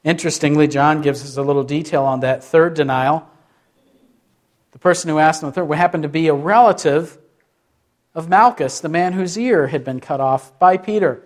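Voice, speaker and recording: A man's voice: fairly high pitch, normal speed. A man, a pastor, preaching a sermon with many questions to the listeners and short acted-out quotes.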